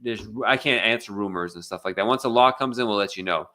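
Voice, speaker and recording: A man's voice: fairly low pitch, quick pace, sharp tone. An American man hosting a live legal Q&A, speaking casually with many fillers and restarts. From United States. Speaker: immigration attorney hosting a live Q&A. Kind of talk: casual live Q&A, reading viewer questions.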